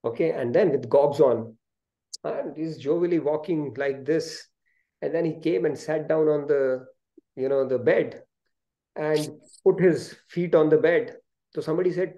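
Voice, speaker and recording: Man, Indian English accent, mellow warm tone, animated storyteller, video call audio. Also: a little high, moderate pace. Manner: animated storyteller, acts out quoted speech. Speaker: host of an online spiritual study session.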